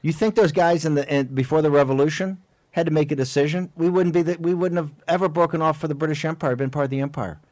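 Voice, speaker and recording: A man hosting a political talk radio show, talking in an emphatic, fiery way with rapid-fire rhetorical questions. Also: on the high side, darkish tone, dry recording. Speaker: host.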